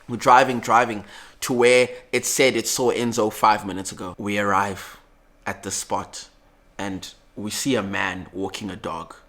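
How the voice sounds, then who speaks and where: A young man from South Africa telling a story to camera, animated, acting out the dialogue and dropping to low murmurs. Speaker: vlogger.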